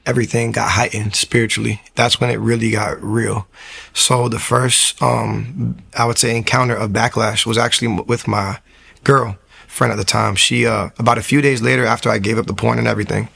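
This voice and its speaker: Guy with a gravelly voice telling his testimony, animated, lots of "like". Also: normal speed. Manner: animated, acts out quotes with sudden high pitch jumps. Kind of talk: emotional conversational storytelling.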